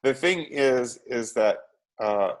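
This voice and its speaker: A man, an actor as a guest, chatting casually and telling animated, self-deprecating stories. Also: mid-range voice, slow. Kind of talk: casual chat.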